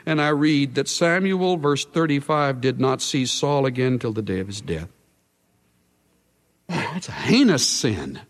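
A male pastor preaching a sermon in an earnest way, his voice swelling and then dropping to a hush. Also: mid-range voice, lively intonation, measured pace. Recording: long hall reverb.

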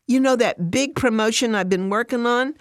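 A woman's voice: on the low side, expressive, a little slow, no room sound, studio quality, voice pushed up. Woman voicing an upset, defensive working mother. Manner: sarcastic, defensive, near tears.

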